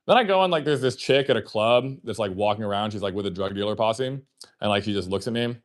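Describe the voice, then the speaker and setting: On his livestream, a man with a lowish voice talks fast while recounting a long, casual tale. It wanders, is packed with fillers and swearing, and includes acted-out recollections of what people said.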